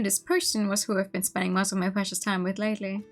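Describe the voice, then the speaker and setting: A woman streamer reading a visual novel aloud, with expressive narration and laughing asides. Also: mid-range voice, quick pace, faint music behind.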